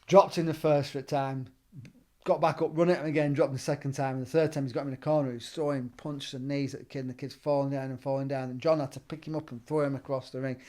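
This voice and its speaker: A middle-aged man with a Northern English accent, telling stories in a relaxed chat as a gym owner and trainer, acting out the lines he quotes. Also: mid-range voice, quick pace. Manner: animated, acts out quoted dialogue. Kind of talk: casual storytelling.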